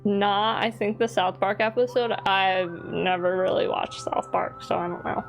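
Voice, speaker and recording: A woman streamer giving casual commentary while playing a game, playful and rambling, mock-yelling at her chat. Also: medium pitch, fairly even intonation, normal speed, faint music behind.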